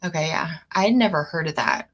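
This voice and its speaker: Casual co-host woman; lower pitch, animated storyteller who laughs as she talks. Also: brisk. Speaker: co-host, tarot reader.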